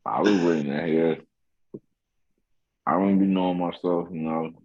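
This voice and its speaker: A man's voice: low-pitched, steady tone, moderate pace, a little mellow, lo-fi sound. A man co-hosting a podcast in laid-back, brief casual chat. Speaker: podcast co-host.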